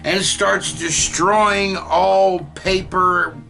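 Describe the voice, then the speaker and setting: Gravelly, profane man recapping a movie. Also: high voice, very slow, faint music behind. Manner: profane, animated, play-by-play joking. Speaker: movie reviewer.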